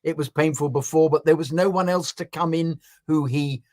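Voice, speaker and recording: A man's voice: on the high side, steady tone, normal speed, darkish tone, no echo. A man co-hosting a football podcast, musing and giving wry opinions in casual chat. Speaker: podcast co-host.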